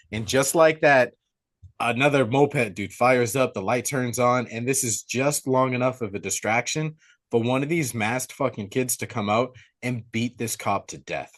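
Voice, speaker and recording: A young man recaps a movie plot on a podcast with casual, excitable energy, calling his listener "dude" over and over. His voice sits in an ordinary male middle register. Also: medium pitch, moderate pace. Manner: excitable storyteller, slangy, says dude a lot. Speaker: podcast host. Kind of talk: casual movie-review chat.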